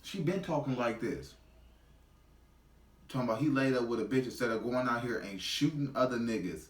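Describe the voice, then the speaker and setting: A man's voice: mid-range voice, animated, normal speed, roomy sound, recorded from a distance. A man giving a heated, profane reaction commentary in blunt street slang.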